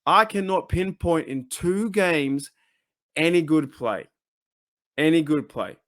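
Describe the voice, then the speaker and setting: A man's voice: fairly high pitch, takes it slowly, fairly bright tone, dry recording, clean studio sound. Emphatic, frustrated male sports fan. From Australia. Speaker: fan channel host. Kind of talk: casual ranting commentary.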